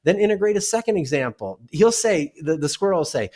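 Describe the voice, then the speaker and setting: Male keynote-speaker guest, fairly high voice, lively delivery acting out exchanges. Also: fast talker, hardly any pauses. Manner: animated, acts out dialogues. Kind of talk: conversational interview.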